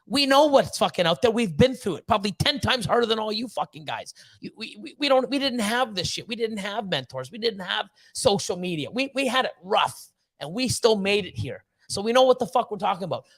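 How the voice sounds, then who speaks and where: A man's voice: high voice, expressive, brisk, a bit bright. A man hosting a livestream, ranting bluntly with heavy swearing and fired-up motivational talk. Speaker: snake breeder hosting a livestream. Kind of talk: livestream rant.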